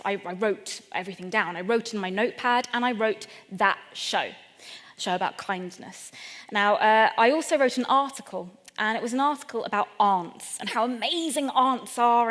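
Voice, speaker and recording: Self-mocking British woman comedian. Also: medium pitch. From Britain. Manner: animated, self-deprecating, laughs between lines. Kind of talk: stand-up storytelling talk. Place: event venue in London. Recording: echoey hall at a live event.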